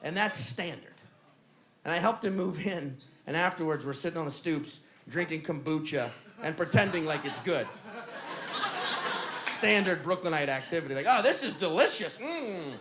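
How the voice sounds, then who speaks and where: A male stand-up comedian telling an animated, punchy story on a comedy club stage. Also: fairly high pitch, normal speed, crowd noise.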